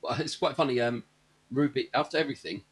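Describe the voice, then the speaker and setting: Guy chatting about a film, quick and a bit husky, wry asides. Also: medium pitch. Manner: talkative, wry, retells scenes in detail. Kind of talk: casual film recap chat.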